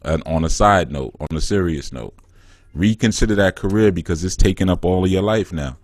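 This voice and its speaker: A man speaks in a low register and trades playful jabs in casual slang as a call-in host. His voice is dry and close, with no room sound around it. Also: a little fast, no room sound. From New York. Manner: teasing, joking, laid-back slang. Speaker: spiritual counselor and show host.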